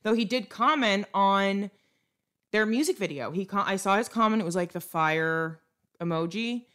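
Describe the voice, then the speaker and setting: A woman's voice: medium pitch, animated, moderate pace, a bit bright, smooth. A young woman co-hosting a podcast, chatting casually and ranting bluntly about celebrity gossip. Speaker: podcast co-host. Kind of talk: casual chat.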